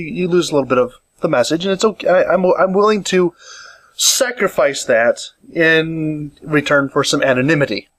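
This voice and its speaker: This casual solo podcast comes from a man sitting in a chair at home, his voice a little high with a fairly bright tone and a dry recording. Rambling and restarting often, he gestures while talking into a condenser mic with an improvised pop filter.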